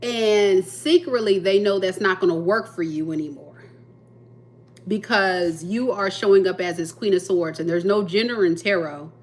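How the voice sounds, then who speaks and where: A woman's voice: medium pitch, normal speed. A woman giving a live tarot reading, talking playfully to her viewers and often breaking into laughter. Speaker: tarot reader.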